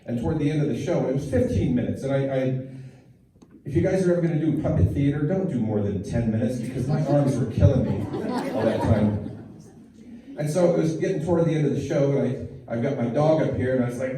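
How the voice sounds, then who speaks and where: A man's voice: medium pitch, a little fast, mellow. A middle-aged man, a preschool teacher, telling rambling, self-deprecating stories as stand-up, with many restarts. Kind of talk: stand-up storytelling. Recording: echoey hall, voice far from mic.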